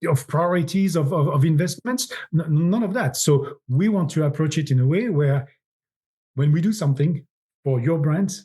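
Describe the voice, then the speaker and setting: A middle-aged agency founder with a French accent appears as a guest in a podcast interview, speaking animatedly and often repeating words while he searches for phrasing. His voice is a little high and mellow, at a moderate pace.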